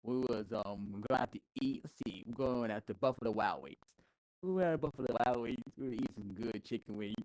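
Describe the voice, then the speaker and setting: A man's voice: mid-range voice, fairly quick, darkish tone, no room sound, low-quality recording. A man as a podcast guest telling a rambling, casual story, with restarts and chuckles.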